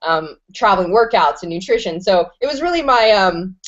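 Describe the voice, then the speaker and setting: A woman's voice: medium pitch, lively intonation, normal speed, dull audio. A woman hosting an online interview show, enthusiastic and slangy, swearing freely and rambling as she talks. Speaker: host.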